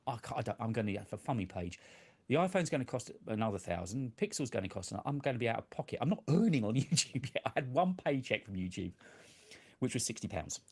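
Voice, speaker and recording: A man's voice: mid-range voice, sing-song, fast talker, darkish tone, breathy edge. A man, chatting casually on his tech live stream from a home desk, self-deprecating and laughing often.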